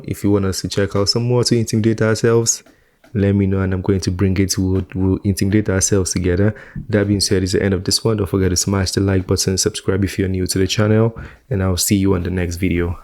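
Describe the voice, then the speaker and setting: A man hosting a reaction video, commenting in a joking, animated way and laughing often. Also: sits low, fast.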